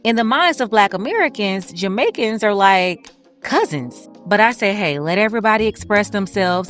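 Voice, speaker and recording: A woman's voice: medium pitch, lively intonation, normal speed, fairly bright tone, faint music behind. A woman commentator speaking in a wry, egging-on way.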